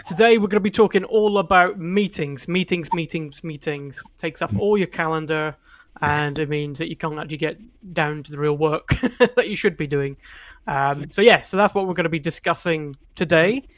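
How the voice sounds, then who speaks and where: Bloke hosting a podcast, kinda high voice, laid back, laughs easy. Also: male voice, moderate pace, fairly bright tone, dry recording. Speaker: podcast co-host. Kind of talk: casual chat.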